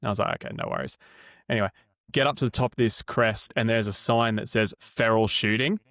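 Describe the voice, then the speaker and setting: A man's voice: fairly low pitch, brisk. An Australian man in his twenties or thirties, co-hosting a podcast, telling a rambling anecdote with casual swearing. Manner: laid-back, swears freely, animated anecdotes. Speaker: podcast co-host. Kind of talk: casual storytelling chat.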